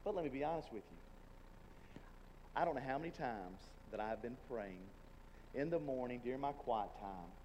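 Pastor preaching in a reverberant hall. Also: male voice, medium pitch, mellow. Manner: earnest, conversational preaching with acted-out prayers. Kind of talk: sermon. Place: church sanctuary. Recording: long hall reverb, faint room noise.

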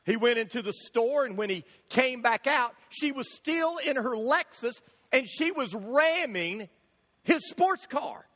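A man preaching a sermon, telling funny stories in an animated way and acting out the shouting in them. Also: extremely high pitch, unhurried. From Florida, USA. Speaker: pastor. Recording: long hall reverb.

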